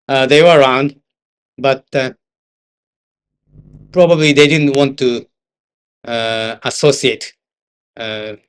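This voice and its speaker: An older man with a Japanese accent, an interpreter giving a seminar talk full of anecdotes, sometimes slipping into Japanese asides. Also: mid-range voice. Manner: storytelling, switches into Japanese asides. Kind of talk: anecdotal lecture.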